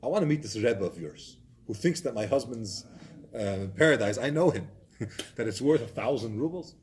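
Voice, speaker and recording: A man voicing a shocked, angry wife in a story he tells, protesting in rising, rapid bursts. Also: mid-range voice, expressive, darkish tone, slight background noise, close to an everyday voice. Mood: scornful. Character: shocked angry wife, middle-aged woman.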